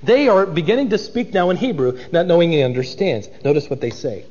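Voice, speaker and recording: A man's voice: on the high side, animated, brisk, dark tone, long reverb tail, muffled recording. A man preaching an expository sermon, dramatic and acting out the voices of biblical figures.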